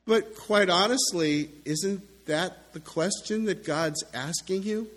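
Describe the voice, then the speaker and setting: A man preaching, asking the congregation slow, deliberate questions. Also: on the high side, sing-song, fairly bright tone. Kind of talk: sermon. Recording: church sanctuary with long reverb.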